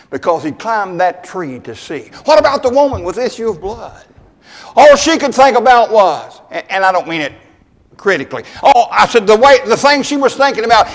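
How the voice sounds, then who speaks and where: A high-pitched male pastor preaches a folksy sermon. He talks straight to his congregation and trades quick asides with them. His voice carries a long reverb from the church hall. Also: big pitch swings.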